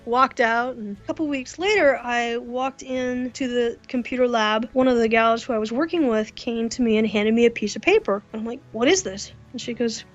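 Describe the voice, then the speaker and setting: A woman with a fairly high voice tells workplace stories in a casual, animated way. She acts out the reactions she quotes. The recording sounds dull and lo-fi. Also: moderate pace, hardly any pauses, soft background music. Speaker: interview guest. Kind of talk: casual storytelling. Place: hotel during a convention.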